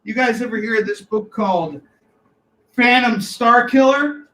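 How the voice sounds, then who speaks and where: A man co-hosting a live comic shop sales show, pitching deals in an excitable, loud way and shouting catchphrases. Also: a little slow, echoey room, rough recording.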